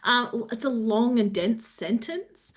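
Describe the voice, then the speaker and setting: An Australian woman presenting a webinar talk, explaining steadily with frequent pauses and small touches of humour. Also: fairly high pitch. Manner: explanatory, lightly humorous, with frequent "um".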